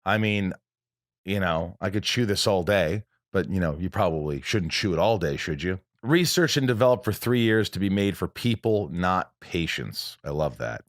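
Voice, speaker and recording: Animated man hosting a podcast. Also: low-pitched, normal speed, dry recording, clean studio sound. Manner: animated, jumps into loud impressions of movie lines. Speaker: podcast host. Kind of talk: casual chat.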